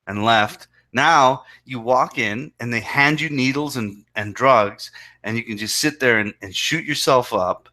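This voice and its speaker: A man's voice: medium pitch, a little slow, bright, forceful tone. A man co-hosting a casual chat podcast, talking in an incredulous, profane and emphatic way. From Canada. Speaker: podcast co-host.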